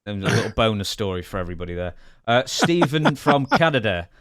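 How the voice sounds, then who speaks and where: A man's voice: lowish voice, big pitch swings, brisk, fairly bright tone, no room sound, clean studio sound. A man from England with an English accent, co-hosting a casual chat and reading listener questions in a self-deprecating way. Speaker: podcast co-host.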